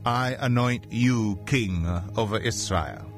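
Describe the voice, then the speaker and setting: Man voicing a blunt army commander, commanding, middle pitch, faint music. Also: takes it slowly.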